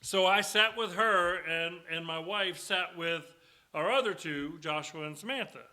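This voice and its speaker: A middle-aged man preaches in a church, his voice bright and fairly high. He tells folksy, joking stories between Scripture readings, talking easily to the congregation. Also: unhurried. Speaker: guest preacher. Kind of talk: sermon with storytelling. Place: church sanctuary.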